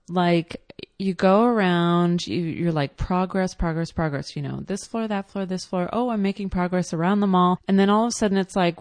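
Woman, 30s, lower register, chatty storyteller with ums, dry close sound. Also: a little mellow, no echo. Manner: chatty and reflective, with filler ums and quoted asides. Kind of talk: casual first-person storytelling.

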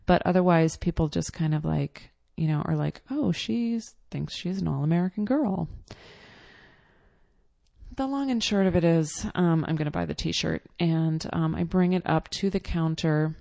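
A woman's voice: low voice, normal speed, gravelly, dark tone, dry recording. A woman telling a casual personal story in a chatty, exasperated way with lots of fillers.

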